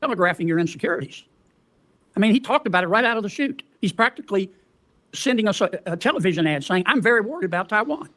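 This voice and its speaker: A man's voice: high voice, animated, fast talker, pushed and bright. A man questioning a witness at a hearing, folksy, pressing with leading tag questions.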